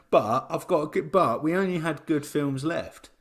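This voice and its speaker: A man's voice: on the high side, big pitch swings, moderate pace. A young British man co-hosting a podcast, trading jokey, eager banter with his friend. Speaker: podcast co-host. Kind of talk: casual chat.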